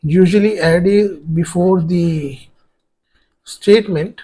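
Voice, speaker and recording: Male tutor, high for a man, very unhurried, explaining grammar slowly as he writes on a board. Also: warm tone, husky. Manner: explains step by step while writing on a board; spells words out letter by letter. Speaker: French tutor. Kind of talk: exam-prep grammar lesson.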